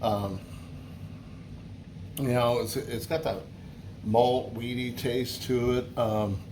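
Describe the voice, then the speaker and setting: Man, casual beer review vlog, rambling, chatty, lots of ums and restarts, mid-pitched voice. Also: fairly even intonation, takes it slowly, a little mellow, a little hiss or hum. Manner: rambling, full of fillers and restarts; easygoing, chatty.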